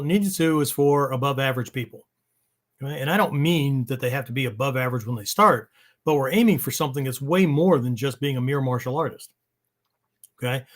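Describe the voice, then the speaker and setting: A man hosting a training podcast, talking casually and rambling, checking in with "right?" at the end of many sentences. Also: medium pitch. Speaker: podcast host. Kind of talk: casual spoken podcast monologue.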